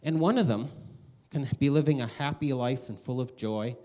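A man preaching a conversational sermon, animated, acting out quoted voices with big swings. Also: mid-range voice, normal speed. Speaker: pastor.

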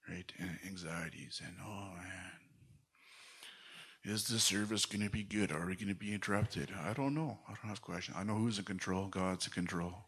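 A man's voice: sits low, moderate pace, a bit bright, husky. A man in a church, giving a short exhortation and then praying fervently, calling on the Lord again and again. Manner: fervent, repeats "Lord" often. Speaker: church member giving a word. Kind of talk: exhortation and spoken prayer. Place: church sanctuary.

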